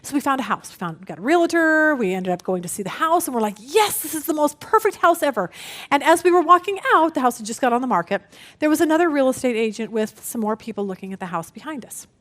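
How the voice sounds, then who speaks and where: Woman, middle-aged, high-pitched, Bible study teacher, expressive storyteller. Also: fast talker. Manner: expressive storytelling, acts out family voices.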